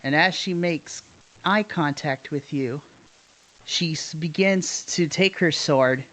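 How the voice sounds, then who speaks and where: A man's voice: a little high, takes it slowly, pushed and bright, poor audio. A man narrating a tabletop game as its game master in a laid-back, descriptive way. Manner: laid-back, descriptive, chuckles between lines. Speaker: dungeon master.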